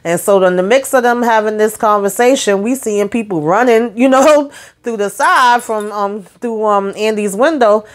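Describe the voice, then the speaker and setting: A woman's voice: mid-range voice, normal speed. A woman recapping a TV drama episode in a casual, chatty way, full of slang and side remarks. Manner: chatty, lively retelling with slang and asides. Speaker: TV show recap host.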